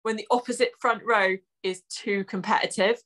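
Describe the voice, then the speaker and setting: Young woman, co-host, dry teasing delivery, bright crisp voice. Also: mid-range voice, fairly even intonation, moderate pace. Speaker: podcast co-host and rugby prop. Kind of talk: casual chat.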